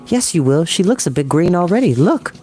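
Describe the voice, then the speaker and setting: A man's voice: high voice, sing-song, brisk, darkish tone, soft background music, pitched above the performer's own voice. A man doing a cheeky little boy. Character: cheeky small boy, calm and know-it-all.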